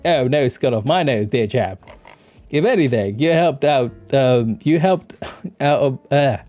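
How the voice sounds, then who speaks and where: A man's voice: mid-range voice, lively intonation, unhurried, darkish tone, soft background music, lightly acted. A man voicing a pompous, condescending male bookseller, drawling his lines in a video game playthrough. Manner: pompous, drawling "my dear chap".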